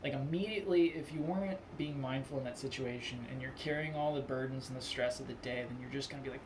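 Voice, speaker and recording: A young man talking casually on his own, rambling with lots of "like" and acting out quick angry replies. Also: mid-range voice, background noise. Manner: loose and rambling, full of "like", acts out angry quotes. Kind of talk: casual spoken monologue.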